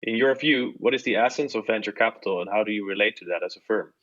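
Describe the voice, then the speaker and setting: A man reading his interview questions in a put-on Dutch accent, quick and clipped. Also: fairly low pitch, a bit bright, no echo, highs cut off, natural voice. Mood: even. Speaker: podcast host reading questions.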